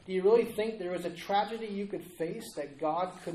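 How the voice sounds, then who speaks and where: An earnest male preacher delivering a sermon, pressing the congregation with repeated rhetorical questions. His voice sits a little high for a man. It rings out in a roomy church hall. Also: brisk, hardly any pauses, a little mellow, a little hiss or hum.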